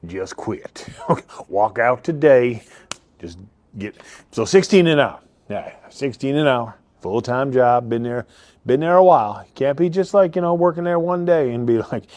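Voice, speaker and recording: A car-lot owner improvises his own joking commercial, rambling, laughing at himself often, and interrupting himself as he keeps losing the thread. His mid-range voice is expressive and a little mellow at normal speed. There's no room sound.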